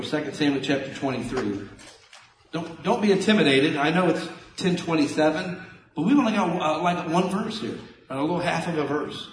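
A middle-aged man preaching a sermon as a pastor, animated and folksy, swinging between loud and soft. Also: a little high, a little hiss or hum. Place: church sanctuary. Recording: echoey church hall from a distance.

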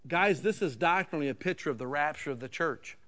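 A man preaches a sermon in a folksy, conversational way. His voice sits fairly high for a man. He swings from loud, emphatic bursts down to quiet asides. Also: expressive, quick pace. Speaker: pastor.

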